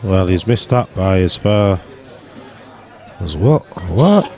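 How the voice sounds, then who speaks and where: A man's voice: deep voice, expressive, takes it slowly, darkish tone, a faint crowd. Bantering British pool commentator, man. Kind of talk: casual live commentary. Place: pub venue.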